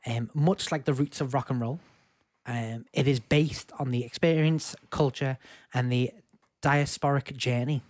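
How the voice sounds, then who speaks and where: A man's voice: mid-range voice, steady tone, unhurried, a little mellow, no echo. Casual English podcast man, close dry mic. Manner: rambling, lots of fillers and restarts. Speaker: podcast co-host. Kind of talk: casual music podcast chat.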